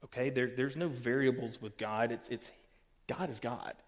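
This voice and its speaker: A man's voice: medium pitch, normal speed. A man gives a casual Bible teaching as a pastor, often checking in with "okay" and "all right". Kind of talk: recorded Bible teaching to camera. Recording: long hall reverb.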